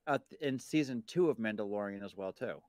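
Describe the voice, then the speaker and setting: A man's voice: lowish voice, lively intonation, brisk, darkish tone, dry recording, studio quality. A man co-hosting a casual podcast chat, wryly jumping in with corrections. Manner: wry, interjects with corrections. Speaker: podcast co-host.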